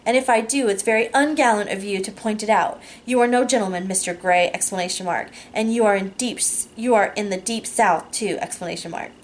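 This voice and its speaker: A woman's voice: medium pitch, brisk, few pauses, a little hiss or hum, lightly acted, low-quality recording. A woman voicing a playful young woman teasing her lover, reading her emails aloud in a storybook.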